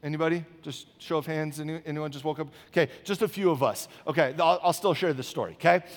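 A man's voice: fairly high pitch, fast. A man in his thirties preaching a sermon, telling a personal story in a conversational way and often checking in with the congregation with "okay?". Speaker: pastor. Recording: long hall reverb.

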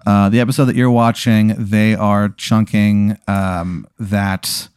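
A man hosting a comedy podcast, casually improvising an absurd story with a rambling, filler-heavy, deadpan delivery. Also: fairly low pitch, slow pace, smooth, dry recording, studio quality. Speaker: podcast host telling an absurd hypothetical.

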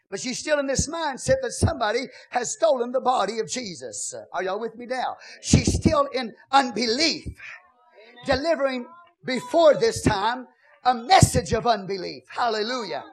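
High-voiced preacher, shouting and singing. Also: male voice, animated, moderate pace. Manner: swings from soft storytelling to shouted, sing-song preaching. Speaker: pastor. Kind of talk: sermon.

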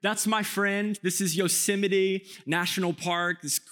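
Pastor, man, 30s, high-pitched, joking storyteller preaching a sermon. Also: steady tone, unhurried, pushed and bright. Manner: joking, self-mocking storytelling with acted-out quotes.

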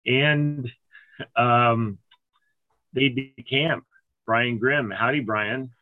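A man hosting a podcast in casual, joking chat, halting with fillers. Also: medium pitch, fairly even intonation, no room sound, narrow, tinny audio. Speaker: podcast host.

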